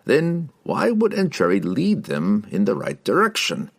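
A man's voice: on the low side, wildly swooping pitch, a little slow, creaky, slightly rough, voice pushed up, exaggerated voice. A man reading the part of a cautious, suspicious henchman.

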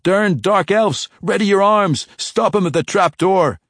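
A man faking a shouting dwarf guard. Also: sits high, measured pace, no echo, clean studio sound, voice pushed up, heavily acted. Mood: alarmed shouting. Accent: put-on dwarven. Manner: loud barking alarm calls.

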